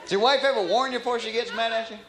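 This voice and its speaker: High-pitched man doing stand-up. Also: steady tone, very fast, crowd noise. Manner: folksy, drawling storyteller. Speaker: stand-up comedian. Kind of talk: stand-up routine. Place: comedy club stage. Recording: live club recording, roomy, audience noise. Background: audience laughter.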